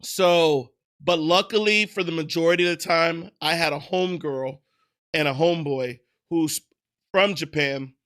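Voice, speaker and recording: A man hosts a laid-back livestream chat and answers viewers in a loose, profane way. His voice sits high and sounds bright and forward, and he laughs at his own slips as he goes. He keeps an easygoing, joking tone throughout. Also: moderate pace. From United States. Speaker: streamer.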